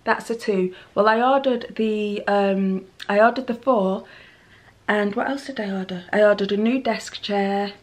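A woman chats straight into her camera from home, her voice at an ordinary middle pitch. She rambles freely from one thought to the next and laughs at her own waffling. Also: measured pace. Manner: rambling, chatty, self-deprecating. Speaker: lifestyle vlogger. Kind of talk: casual talk to camera. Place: at home, indoors. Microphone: handheld camera mic.

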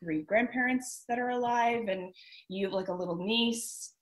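A woman's voice: on the high side, moderate pace, low-quality recording. Chatty laughing woman guest. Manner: chatty, laughs easily, many fillers. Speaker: filmmaker guest. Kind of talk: casual interview chat.

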